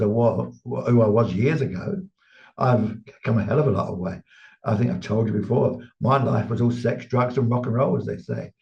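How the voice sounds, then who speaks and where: An older English man, a medium, telling lively anecdotes in a casual interview and laughing often. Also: medium pitch, gravelly. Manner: chatty storyteller, laughs often, lively quoted voices. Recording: slightly dull sound.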